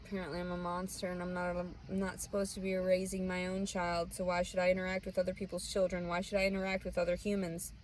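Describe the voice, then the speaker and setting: A woman's voice: lowish voice, monotone, fast, hardly any pauses, a little mellow, a little hiss or hum, low-quality recording. A young woman, venting bitterly and profanely in a rambling personal monologue. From Southern US. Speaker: vlogger.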